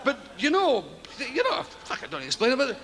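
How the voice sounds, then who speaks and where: A man's voice: very high-pitched, wildly swooping pitch, moderate pace. A Scottish man doing live stand-up comedy on stage, rambling and swearing in rhythmic bursts. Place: stage before a large live audience. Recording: noisy live show with loud crowd.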